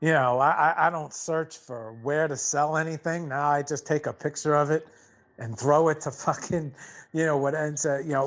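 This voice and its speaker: A man's voice: a little high, fairly even intonation, moderate pace. A man hosting a casual podcast, telling a rambling, profanity-laced story full of restarts and fillers.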